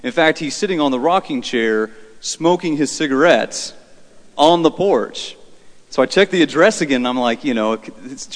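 Male priest, conversational homily, mid-pitched voice, halting restarts, long church reverb. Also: lively intonation. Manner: conversational, halting with fillers and repeats. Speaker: Catholic priest. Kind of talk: homily storytelling.

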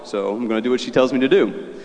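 A man's voice: medium pitch, fast talker, a little mellow, long reverb tail, natural voice, poor audio. A man playing a meek, long-suffering fisherman who speaks in an apologetic, casual manner. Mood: sheepish.

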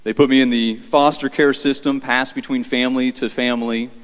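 A priest voicing a blunt, gruff elderly man making his confession, recorded with long church reverb. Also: medium pitch, flat delivery, brisk, close to an everyday voice. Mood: confessing. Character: elderly male ex-thief, blunt and plainspoken.

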